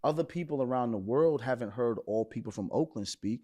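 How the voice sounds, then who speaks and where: Brooklyn-raised man, podcast co-host, mid-pitched, animated, emphatic pushback. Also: brisk. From Brooklyn, New York. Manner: animated, pushes back emphatically. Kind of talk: casual group discussion.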